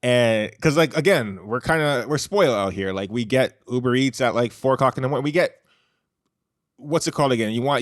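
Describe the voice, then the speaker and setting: Man, podcast host, rambling casual solo talk, dry close-miked sound, mid-pitched voice. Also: no echo. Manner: chatty, heavy use of "like" and "you know", restarts. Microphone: close studio microphone.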